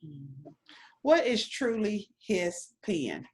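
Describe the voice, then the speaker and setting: Husky woman host asking short questions. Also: medium pitch, very animated, extremely slow. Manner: brief, encouraging questions and backchannels. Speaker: interviewer and channel host. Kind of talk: casual interview.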